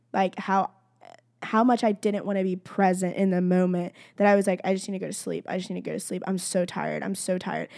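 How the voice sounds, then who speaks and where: A woman's voice: medium pitch, darkish tone, no echo. Chatty young woman, dry sound. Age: young adult. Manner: chatty, many "like" and "y'all" fillers. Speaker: college student sharing faith. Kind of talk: casual faith testimony to camera.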